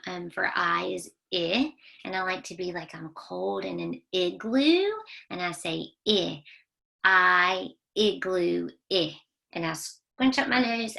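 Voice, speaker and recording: Slow, gravelly-voiced woman teaching phonics. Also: lowish voice. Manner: slow call-and-response drilling, sounding out words; gently encouraging, praising each try. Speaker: children's librarian teaching phonics. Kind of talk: online phonics lesson for young children.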